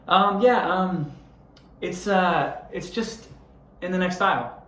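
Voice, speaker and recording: A bored young store clerk mumbles through his answer, pausing on fillers and drifting off. His voice sits higher and lighter than a normal speaking voice, as a preacher mimics him. It echoes through a roomy hall. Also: a bit bright, far from the mic. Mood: offhand. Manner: hesitant, trailing off with filler.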